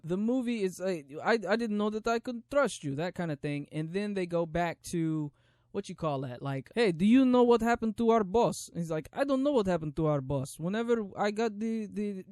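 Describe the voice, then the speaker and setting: A man's voice: a little high, clear, resonant tone, no echo, studio quality. A man hosting a solo podcast, reviewing movies in a casual, rambling way with lots of restarts and slang. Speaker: podcast host.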